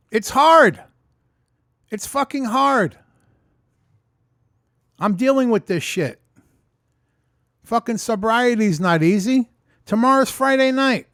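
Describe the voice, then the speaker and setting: A man's voice: high-pitched, no echo, clean studio sound. A man vlogging unscripted about his sobriety, talking bluntly and profanely in an emphatic rant. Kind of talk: unscripted ranting monologue.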